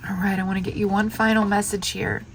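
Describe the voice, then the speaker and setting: A woman's voice: mid-range voice, level tone, quick pace, slight background noise. Tearful, gushing woman tarot reader. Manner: gushing, affirming, heartfelt. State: tearful, emotional. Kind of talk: spiritual tarot reading to camera.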